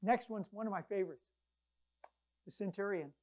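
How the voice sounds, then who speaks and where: A woman delivering a sermon in a conversational, storytelling way. She acts out the people in her scripture stories with quick changes in loudness, rising for big moments and dropping low for quiet ones. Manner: conversational, animated storytelling with quoted voices. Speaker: preacher.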